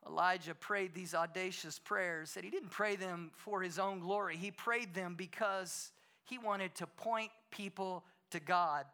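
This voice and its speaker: A man preaching a sermon as pastor, impassioned, swinging between loud declarations and hushed lines in a church. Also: high-pitched, steady tone, a little slow, smooth.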